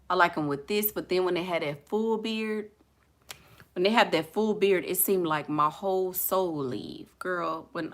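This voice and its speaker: Casting: bright, forceful young woman with a Houston drawl, blunt and laughing as she riffs on viewer comments. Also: on the low side. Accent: Southern US (Houston). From Houston, Texas. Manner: blunt, laughing, talks back to chat. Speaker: vlogger reading live comments. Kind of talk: casual chat.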